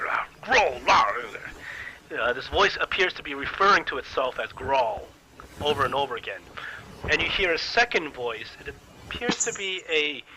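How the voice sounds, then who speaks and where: A man narrating as dungeon master, describing scenes in a halting way with many repeated words. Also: fairly high pitch, noisy background. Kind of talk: narrating a tabletop game.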